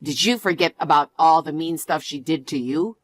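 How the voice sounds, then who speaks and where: A woman's voice: sits low, moderate pace, dry recording. A woman voicing a defensive, bossy young man who has lost his job, in a story told through acted dialogue. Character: irritable young adult man, a jobless fiancé.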